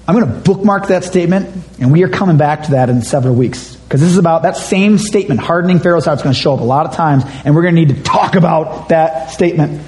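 High-voiced man preaching casually. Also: fast, few pauses, darkish tone, poor audio. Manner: conversational, emphatic, acts out quotes. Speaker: pastor. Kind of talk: sermon with scripture reading.

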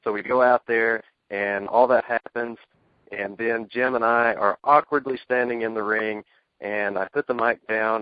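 Halting man telling stories on radio. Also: mid-range voice, fairly even intonation, no echo, muffled recording. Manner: halting, many restarts, chuckles through anecdotes. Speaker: guest, ring announcer. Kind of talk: casual radio interview, storytelling.

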